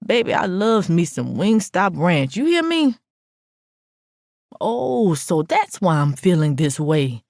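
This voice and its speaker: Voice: medium pitch, big pitch swings, unhurried, creaky, few pauses, darkish tone, no room sound, studio quality. An audiobook narrator reading a first-person story in a brash, sassy, profane voice.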